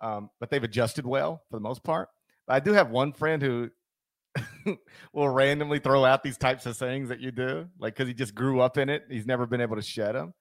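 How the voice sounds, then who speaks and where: A man's voice: mid-range voice, moderate pace, no echo. A man hosting a sports podcast, talking casually and animatedly with frequent ums. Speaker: podcast host.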